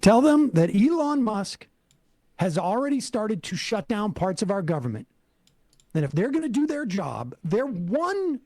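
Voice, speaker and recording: A man's voice: sits high, darkish tone, no echo, clean studio sound. A man making an urgent, insistent political appeal as a talk host. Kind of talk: emphatic political speech.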